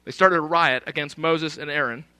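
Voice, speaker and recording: A man's voice: fairly high pitch, steady tone, moderate pace, pushed and bright, clear, resonant tone. A man preaching a sermon in an emphatic, conversational way, often posing rhetorical questions.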